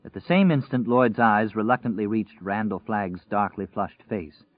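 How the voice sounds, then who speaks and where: A man narrating a dark story in a measured, tense storytelling voice. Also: fairly low pitch, no echo. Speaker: audiobook narrator. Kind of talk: dramatic scripted narration. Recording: tinny, phone-like and dry.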